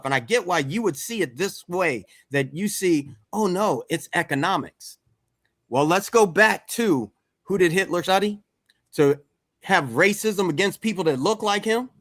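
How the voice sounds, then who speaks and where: A middle-aged man from Washington, D.C. talks bluntly and with emphasis, swearing now and then as he leads a candid group talk. His voice sits somewhat high for a man, and the sound is close and dry. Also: a bit bright, dry recording. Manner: blunt, emphatic, swears, repeats "let's get real". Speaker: men's circle coach.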